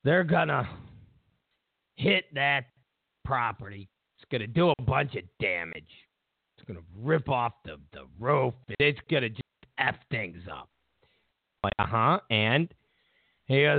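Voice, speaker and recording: A male host rambles through a casual monologue, stumbling over his words. His voice is gravelly and swings up and down in pitch. The sound is dry and tinny, like a phone line. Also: sing-song, a little slow, long pauses, no echo. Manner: rambling storyteller with many restarts and fillers. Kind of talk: casual political talk show monologue.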